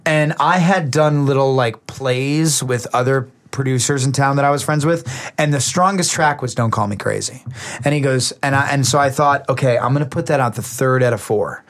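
A young adult man, a musician, telling a long story in casual talk, halting and restarting often. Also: mid-range voice, fairly bright tone. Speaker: musician guest.

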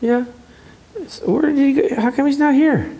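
A man preaching a conversational sermon, slowing down to stress scripture and acting out short dialogues. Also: very high voice. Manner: animated, acts out short dialogues. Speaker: pastor.

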